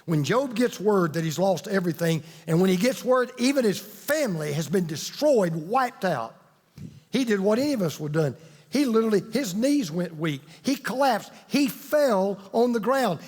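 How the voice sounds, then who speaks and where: A male pastor preaching with emphatic, drawn-out delivery and dramatic pauses. His voice sits notably high for a man. It rings out through a large hall with a long reverb tail. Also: lively intonation, a little mellow. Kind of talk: sermon.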